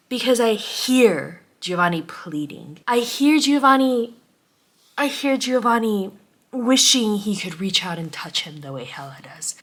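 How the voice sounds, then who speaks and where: A young woman vlogging a heartfelt book review, emotional, moving between hushed, tearful passages and angry outbursts. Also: on the high side.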